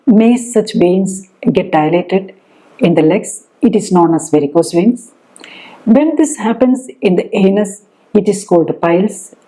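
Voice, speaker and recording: A middle-aged woman doctor gives a health lecture, explaining step by step and often pausing on "uh" fillers. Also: mid-range voice, warm tone, rough recording. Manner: explanatory, pauses with frequent "uh" fillers.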